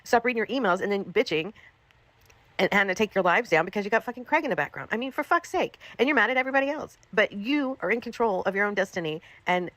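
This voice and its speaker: A woman's voice: medium pitch, expressive, quick pace, fairly bright tone, dry recording. A woman livestreamer scolding someone in a profane, repetitive, angry rant.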